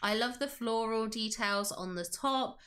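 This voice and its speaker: A woman's voice: fairly high pitch, unhurried, a bit bright, a little hiss or hum. A woman hosting a casual livestream, gushing with enthusiasm and reading chat aloud. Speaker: livestream host.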